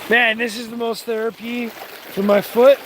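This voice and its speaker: A man vlogging outdoors while standing in a stream with his dog, musing slowly and emotionally and coaxing the dog to talk. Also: very high-pitched, flat delivery, background noise. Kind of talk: casual outdoor vlog.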